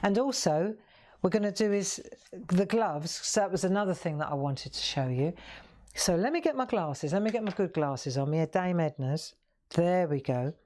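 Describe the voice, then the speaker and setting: Lady on a lapel mic, chatty colouring demo, kinda low voice. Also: lively intonation, moderate pace, a little mellow. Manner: chatty, demonstrative, laughs at herself. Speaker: crafting livestream host. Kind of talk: chatty live colouring tutorial. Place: home craft room.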